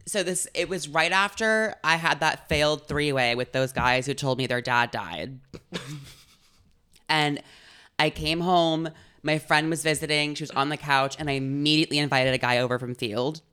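Young woman co-host, bright tone, animated storyteller in a casual chat. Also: deep voice, moderate pace, smooth. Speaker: podcast co-host.

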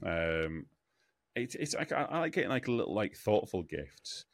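Rambling young man, deep but lively. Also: vocal fry, dry recording. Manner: rambling, halting with many fillers. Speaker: podcast co-host. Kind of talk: casual chat.

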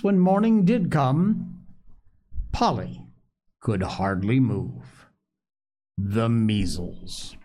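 A man reading a classic children's story aloud, in an unhurried, expressive way. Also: medium pitch. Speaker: narrator.

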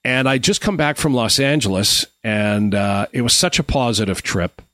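A middle-aged Canadian man hosting a live stream, telling stories in a loose, rambling way with plenty of "uh"s and restarts. His voice sits at an ordinary middle pitch. The sound is close and dry, with no room around it. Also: moderate pace, pushed and bright, no room sound. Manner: chatty, rambling anecdotes with frequent restarts and fillers. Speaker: host. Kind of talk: casual storytelling on a live stream.

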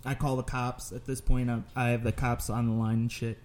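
A man hosting a podcast tells a wild story in loose, rambling talk, swearing freely. His delivery is animated, and his voice sits at a middle pitch. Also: brisk. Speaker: podcast host. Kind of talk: casual storytelling.

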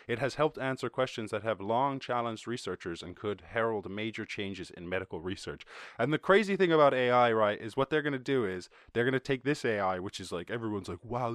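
A man hosting a comedic podcast and riffing on news stories. He swears a lot, laughs often, and acts out other people in quick voices. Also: fairly low pitch, no room sound, studio quality. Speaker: podcast host.

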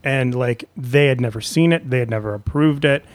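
In a relaxed conversation, a male comedian guest spins lively anecdotes and performs the voices of the people in them. His medium-pitched voice moves at a brisk pace and carries no echo.

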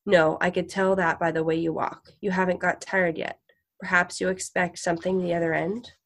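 Husky frail road boy, streetwise and fierce, put on by a woman reader. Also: lowish voice, little pitch movement, moderate pace. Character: frail, husky eighteen-year-old road boy, tough and fatalistic.

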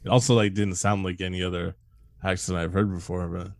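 A man's voice: low voice, level tone, fairly quick, gravelly, dry recording. A man chatting casually as a podcast co-host, rambling and swearing a lot as he jokes. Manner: rambling, profane, jokey. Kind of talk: casual chat.

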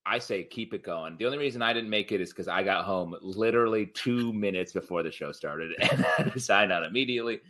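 A man's voice: lowish voice, fairly quick, few pauses. A man co-hosting a casual podcast chat, joking and rambling about beers and comics. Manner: animated, jokey, rambling. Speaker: podcast co-host.

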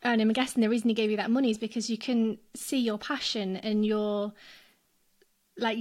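Young woman host with a slightly high voice who gushes with praise in casual interview chat. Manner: warmly effusive, gushing.

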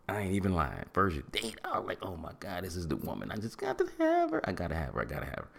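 Podcast host: middle-aged man, very deep and gravelly, animated preachy delivery. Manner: preachy, animated, acts out quotes and hums. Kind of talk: casual motivational podcast talk.

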